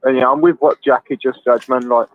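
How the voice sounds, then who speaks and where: A man's voice: medium pitch, fairly even intonation, a little fast, no room sound. A male caller rants casually on a live stream, calling the host mate and son. His voice comes through a tinny phone line and sounds dry and close. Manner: ranting, swears, calls people mate and son. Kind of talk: casual chat.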